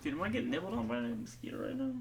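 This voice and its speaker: A man's voice: very high voice, animated, very fast, creaky. A man thinking aloud while coding, muttering to himself, exasperated and swearing casually. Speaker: streamer coding on camera. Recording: distant mic with faint background noise.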